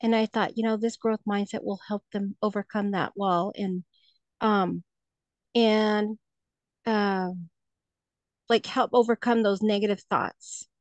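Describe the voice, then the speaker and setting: A woman's voice: medium pitch, steady tone, a little slow, long pauses, dry recording. A woman who teaches third grade, presenting a lesson in a workshop, talking hesitantly with many fillers and restarts, heard over a video call.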